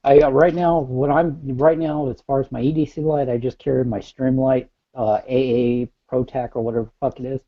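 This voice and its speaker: A man's voice: medium pitch, flat delivery, brisk, hardly any pauses, no echo. A man trading easygoing, profane banter in a casual chat. His voice comes through a tinny, phone-like line with a dry, close sound and no room around it.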